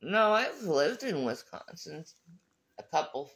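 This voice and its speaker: A woman's voice: lowish voice, big pitch swings, slow pace. A woman born in New York who grew up all over the country, chatting easily as a co-host. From born in New York, military family, raised around the US. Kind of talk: casual chat.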